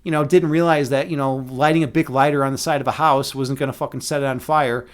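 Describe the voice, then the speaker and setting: A man in his thirties hosting a live stream, chatting casually with his viewers, rambling through profane, animated stories and laughing at his own jokes. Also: mid-range voice, quick pace. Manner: many restarts and fillers, animated storytelling.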